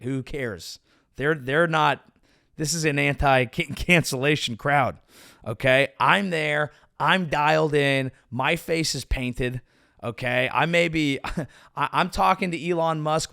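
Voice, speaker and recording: A male comedian hosting his show, riffing sarcastically in a rambling, animated way with sudden pitch jumps. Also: dry recording, clean studio sound. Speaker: comedian podcast host. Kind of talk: casual comedic commentary.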